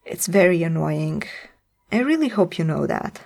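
A woman reading the lines of a gruff, weary, wary man who speaks haltingly in a storybook. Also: on the high side, sing-song, heavily acted. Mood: gruff rueful. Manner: halting, restarting confession.

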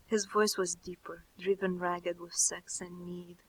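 A woman narrating a first-person story in a soft, slow, intimate reading. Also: on the low side, little pitch movement, slightly rough, poor audio. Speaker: audiobook narrator.

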